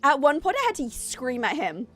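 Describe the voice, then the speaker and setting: A woman chats casually while streaming a game, rambling from topic to topic and sounding slightly out of breath, with faint game music behind her. Her high-pitched, fairly bright voice swings widely in pitch at normal speed.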